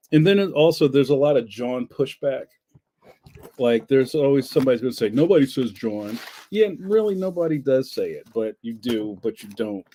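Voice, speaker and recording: With a warm, mid-range voice, a Philadelphia livestream host from the US chats casually through comments from viewers. He rambles and jokes, laughing frequently.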